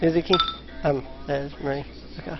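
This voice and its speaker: A man's voice: a little high, steady tone, normal speed, noisy background. A man narrating as game master of a tabletop game, hesitant and full of ums. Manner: hesitant, lots of ums and restarts. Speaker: dungeon master. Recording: slightly muffled voice chat.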